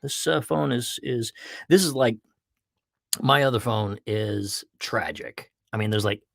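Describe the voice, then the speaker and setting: A man's voice: mid-range voice, fairly even intonation, unhurried, gravelly, a bit bright, dry recording, clean studio sound. Playful man hosting a livestream podcast. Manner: playful, jokey, greets viewers by name. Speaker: podcast host. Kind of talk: casual livestream podcast chat.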